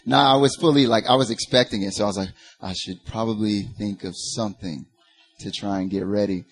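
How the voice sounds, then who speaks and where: A man's voice: fairly low pitch, brisk, slightly rough. A young man from North Carolina with a Southern accent, giving a chatty, joking talk to a church group full of fillers. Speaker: guest speaker. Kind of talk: casual church talk and spoken word.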